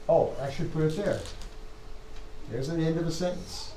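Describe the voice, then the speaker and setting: A man with a somewhat high voice lectures a Hebrew reading class, stopping to restart his sentences as he works through the text. The room is echoey. A faint hum of ambience sits underneath. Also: steady tone, warm tone. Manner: thinking aloud, halting restarts, parsing text on a board.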